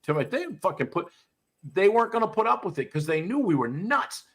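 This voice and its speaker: A man hosting a podcast, talking in a blunt, profane, animated way as he tells stories in casual chat. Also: high-pitched, a little fast, husky. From US South. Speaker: podcast host, dog trainer.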